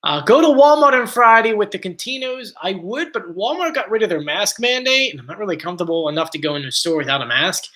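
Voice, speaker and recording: Bright-voiced man with a South Jersey-Philly accent. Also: sits high, expressive, quick pace, few pauses. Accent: South Jersey and Philadelphia. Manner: chatty, rambling, reads out viewer comments. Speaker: live stream host. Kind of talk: casual live stream chat.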